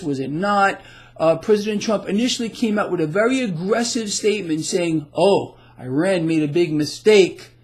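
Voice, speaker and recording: A man delivering heated solo market commentary, agitated and emphatic, often repeating himself as he rants. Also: sits high.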